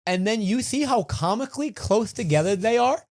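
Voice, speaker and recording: A man's voice: high voice, animated, normal speed. A young man co-hosting a podcast, chatting in a playful, teasing way and laughing easily. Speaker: podcast co-host. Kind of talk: casual chat.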